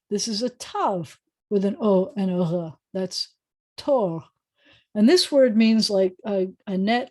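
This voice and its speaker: A woman's voice: mid-range voice, mellow. A woman rabbi teaching a beginners' Hebrew lesson over a video call, patiently sounding out words with chatty asides.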